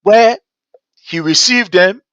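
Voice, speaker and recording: A man giving rambling, animated political commentary full of fillers and restarts, living in America. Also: sits high, slow pace, no room sound. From Liberia. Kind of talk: casual commentary monologue. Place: lives in America. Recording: dull, lo-fi dry sound.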